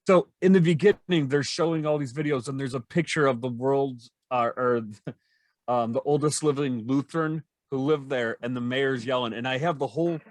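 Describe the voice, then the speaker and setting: A man's voice: medium pitch, moderate pace, dry recording. A man co-hosting a podcast, chatting casually and animatedly about movies. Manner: animated, laughs while quoting movies. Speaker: podcast co-host. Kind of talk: casual chat.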